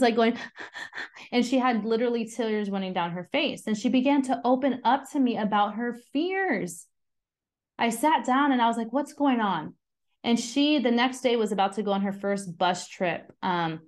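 A woman in her thirties, a mother giving a casual, earnest faith talk who chats with her listeners and asks them questions. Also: medium pitch. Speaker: mom sharing a devotional talk.

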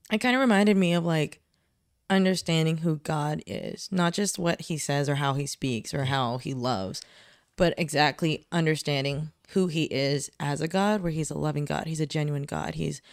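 A young woman co-hosting a casual faith podcast, talking in an animated way with lots of "like" fillers. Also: deep voice, no room sound, clean studio sound. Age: young adult. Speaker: podcast co-host.

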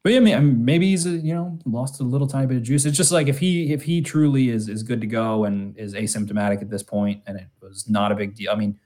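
A man's voice: medium pitch, fast talker, hardly any pauses, dark tone. A man co-hosting a sports podcast, talking casually with lots of restarts and fillers. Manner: rambling, many restarts and fillers. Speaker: podcast co-host.

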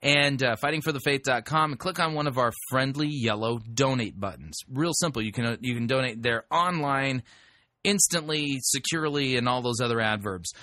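A man's voice: medium pitch, moderate pace, bright, forceful tone, no room sound. A man hosting a talk radio show, speaking in an emphatic, conversational way with frequent restarts.

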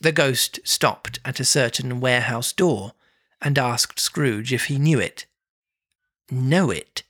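Slow, bright-voiced storybook reader. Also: mid-range voice. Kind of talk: reading a classic novel aloud with chat.

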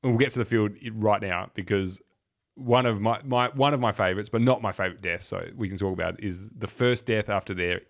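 A man's voice: fairly low pitch, fairly quick, gravelly. A man co-hosting a podcast, laid-back and blunt, mocking a film's plot holes in casual chat. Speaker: podcast co-host. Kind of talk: casual film review chat.

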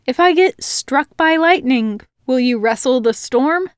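A woman reading an audiobook voices a bold, cheerful young village woman who teases and insists in a raised, bright voice. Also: sits high, expressive, measured pace, smooth, dry recording, clean studio sound. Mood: playful retorting. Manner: teasing, laughing, insistent.

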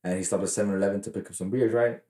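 Podcast co-host, male, low mellow voice, rambling profane storyteller, echoey room. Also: fairly even intonation, rapid-fire. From Mexican heritage. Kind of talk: casual chat.

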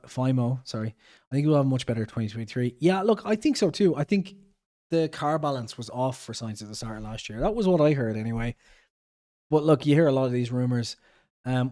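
Mellow-voiced Irish podcast host, rambling. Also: male voice, medium pitch. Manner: rambling, chatty, self-correcting. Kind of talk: casual chat reading out viewer comments.

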